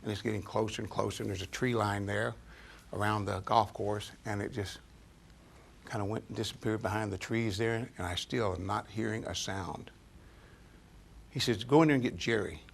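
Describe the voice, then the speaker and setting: Gravelly older man telling a story. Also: fairly low pitch, fairly even intonation, normal speed, a little hiss or hum. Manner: folksy, chatty, chuckling often. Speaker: storyteller speaking to an audience. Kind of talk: anecdotal storytelling to a live audience.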